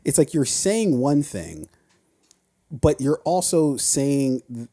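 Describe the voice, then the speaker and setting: A man's voice: mid-range voice, very animated, takes it slowly, dark tone. A man hosting a podcast in casual chat, teasing his co-host, swearing freely and laughing often. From United States.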